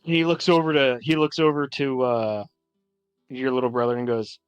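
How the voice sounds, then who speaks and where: A man's voice: mid-range voice, fairly even intonation, a little fast, smooth, no echo, faint music behind. A man narrating as game master of a tabletop game, talking loosely with many fillers.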